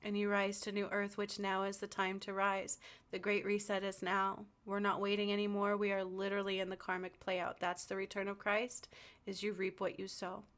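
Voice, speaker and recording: A woman's voice: medium pitch, completely flat delivery, moderate pace, a bit bright. A woman earnestly and insistently preaching her spiritual beliefs in a commentary vlog. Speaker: spiritual vlogger.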